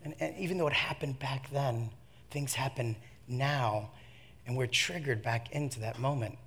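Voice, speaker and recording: A man preaching a sermon, telling a comic personal story with lively swings from hushed asides to shouts, laughing at himself. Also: medium pitch, moderate pace, breathy edge.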